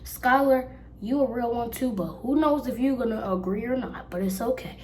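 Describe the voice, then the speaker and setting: A woman's voice: on the high side, moderate pace, a little mellow. A young girl vlogging at home, telling a casual storytime and acting out the people she quotes. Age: child. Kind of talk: storytime while getting ready.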